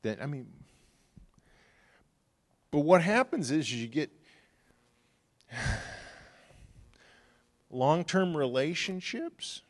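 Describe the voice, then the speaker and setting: A middle-aged pastor giving a sermon in a relaxed, conversational way, telling stories and acting out the people he quotes. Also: fairly high pitch, drawn-out words, pauses often.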